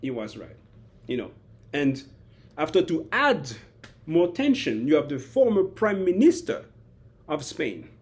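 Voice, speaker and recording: A man with a fairly high voice talks through a football match in a loose, rambling way. He stops and restarts his sentences and drops into little acted-out quotes as he goes. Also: huge pitch swings, a little slow, long pauses, darkish tone. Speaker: football commentator. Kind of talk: casual spoken analysis.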